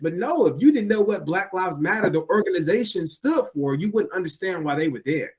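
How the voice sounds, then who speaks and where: A man's voice: high voice, fast talker, hardly any pauses. A man chatting casually as a podcast co-host, telling stories and acting out quotes in a raised voice. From United States. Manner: animated storyteller, acts out quotes in a raised voice. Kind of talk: casual chat.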